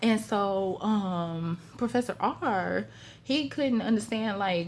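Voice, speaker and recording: A woman casually telling a story to her vlog audience, animated and colloquial, repeating phrases and laughing now and then. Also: medium pitch, measured pace, slight background noise. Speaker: storytime vlogger.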